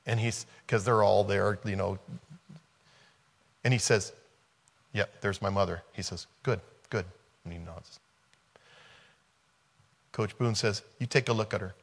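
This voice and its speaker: A man's voice: lowish voice, steady tone, slow pace, gravelly, long pauses. A man preaching a conversational sermon, retelling a film scene and repeating rhetorical questions.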